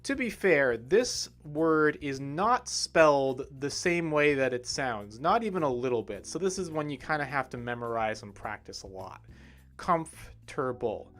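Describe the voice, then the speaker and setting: A man teaching English pronunciation in a livestream lesson, modelling words slowly and clearly and checking in with "right?". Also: medium pitch, expressive, a bit bright, soft background music.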